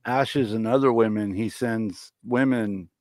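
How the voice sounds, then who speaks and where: A man hosting a casual livestream chat show in a relaxed way, swearing now and then. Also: on the low side, measured pace, no echo. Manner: laid-back, swears casually.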